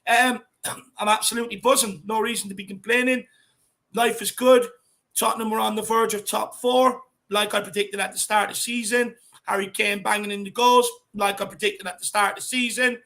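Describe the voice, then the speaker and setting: Irish man with a high, gravelly voice. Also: steady tone, brisk. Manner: chatty, reads out viewer comments with shout-outs. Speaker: fan show co-host. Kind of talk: casual live-stream chat.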